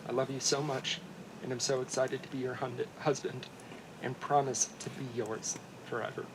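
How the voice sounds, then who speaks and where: A man, the groom, reading his wedding vows in an earnest, heartfelt way, his voice softening at the tender lines. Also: medium pitch, little pitch movement, normal speed, background noise.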